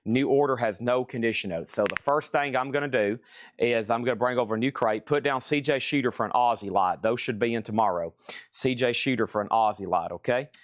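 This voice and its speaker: A man running a live-stream record sale, calling prices and bids in brisk, chatty sales patter from an indoor shop. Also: mid-range voice, no room sound.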